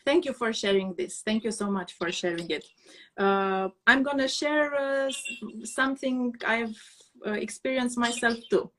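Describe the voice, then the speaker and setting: A woman's voice: fairly high pitch, normal speed. A woman whose first language is Romanian, hosting an interview and listening attentively. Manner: attentive, brief affirmations. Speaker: host. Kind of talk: interview over a live video call.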